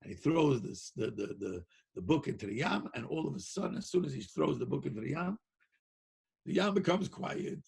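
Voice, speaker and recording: A male Torah teacher telling a long story in an animated way, repeating words and laughing between lines. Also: medium pitch, brisk. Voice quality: gravelly, husky. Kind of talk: storytelling lecture.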